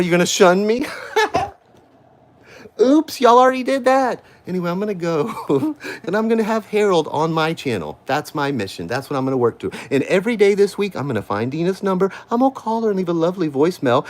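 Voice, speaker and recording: A man, hosting a livestream from his home on a phone mic, ranting angrily and confrontationally at someone he names over and over, his voice sore from screaming. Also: medium pitch. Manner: confrontational, repeats a name accusingly. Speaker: livestream host. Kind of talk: angry livestream rant. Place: at home, indoors.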